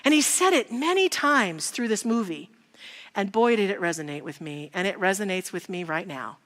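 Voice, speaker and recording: A woman's voice: medium pitch, lively intonation, normal speed. Woman preaching in a reverberant church. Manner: warm conversational storytelling, rhetorical questions. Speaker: minister. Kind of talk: sermon. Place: large church sanctuary. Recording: long hall reverb in a church.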